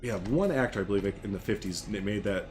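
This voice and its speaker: A man from the American Midwest with a Chicago accent, chatting quickly and laughing often while streaming a game. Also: fairly low pitch, music in the background. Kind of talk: casual game stream chat.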